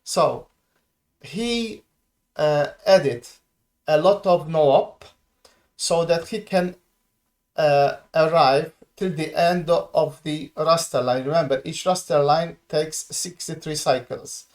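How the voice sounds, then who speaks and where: Brisk man guiding a coding stream. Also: on the high side. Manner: quick, guiding, explanatory. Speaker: co-host and translator. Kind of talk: live-stream co-hosting.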